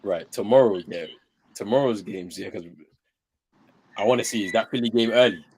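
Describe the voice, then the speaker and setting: A man with a British accent, co-hosting a casual basketball watchalong, excitable and stammering. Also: fairly low pitch, normal speed, a little hiss or hum. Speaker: co-host of a sports watchalong. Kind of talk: casual chat.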